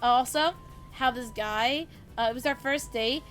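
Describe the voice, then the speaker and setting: A woman streamer chatting casually on a live stream, energetic, swearing freely and giggling. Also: high voice, a little slow, faint music behind.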